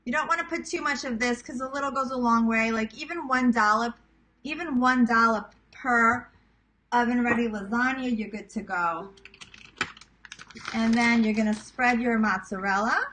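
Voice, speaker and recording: A woman's voice: a little high, normal speed, pushed and bright, a little hiss or hum, low-quality recording. A woman in her thirties from Queens with a New York accent, chatting casually to viewers as she walks through a recipe in her home kitchen. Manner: chatty, self-teasing, talks to viewers as guys. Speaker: cooking vlogger. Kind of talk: casual cooking demonstration.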